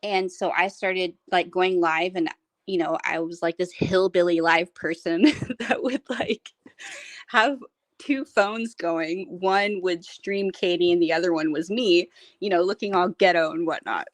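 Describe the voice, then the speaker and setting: A woman's voice: fairly low pitch, a little slow, no room sound. Chatty woman telling a rambling story. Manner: rambling, laughs often, animated storytelling. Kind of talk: casual chat.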